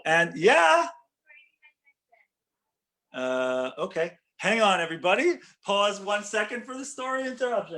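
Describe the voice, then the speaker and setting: High-voiced rabbi telling a story. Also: male voice, a little slow, long pauses. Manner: animated, self-correcting, restarts often. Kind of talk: storytelling lesson.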